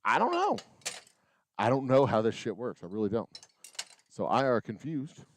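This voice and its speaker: Fairly low and darkish, this man's voice moves at a normal speed as he live-streams from the indoor bottling room of his small distillery. The distiller and channel host rambles through sarcastic musings while working, counting bottles under his breath.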